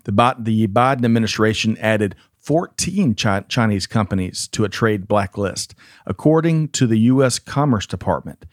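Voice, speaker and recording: A man's voice: fairly low pitch, animated, normal speed, no echo, clean studio sound. A man co-hosting a casual talk show, upbeat, reading news points aloud and turning to his co-host. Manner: upbeat, reads story points aloud, stumbles on names. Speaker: podcast co-host.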